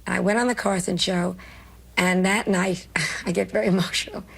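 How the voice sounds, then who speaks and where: A woman's voice: fairly low pitch, steady tone, normal speed, gravelly, slightly rough. An older woman from New York, a comedian telling brash, self-mocking stories in an interview, emotional and laughing often. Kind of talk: candid interview storytelling.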